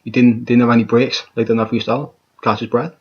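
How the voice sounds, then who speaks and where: A man with a husky, slightly breathy voice rants bluntly through a music reaction, swearing freely and circling back over his own words. The recording sounds dull and lo-fi. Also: medium pitch, flat delivery, fast. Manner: blunt, profane, exasperated, stumbles and repeats himself. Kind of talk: ranting reaction commentary.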